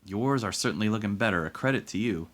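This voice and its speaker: A man voicing a brisk, stern upper-class woman who organizes and commands. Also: on the low side, animated, fairly bright tone, pitched above the performer's own voice. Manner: crisp, commanding.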